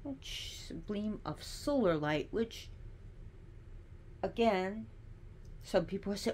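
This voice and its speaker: A woman's voice: mid-range voice, slow, slight background noise. A woman giving a casual teaching monologue, chatty and digressive, with sassy asides.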